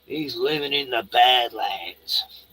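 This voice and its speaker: A man's voice: mid-range voice, slow pace, pushed and bright, breathy edge, low-quality recording. An Australian man hosting a casual livestream, rambling, swearing and chatting to his dog. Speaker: livestream host.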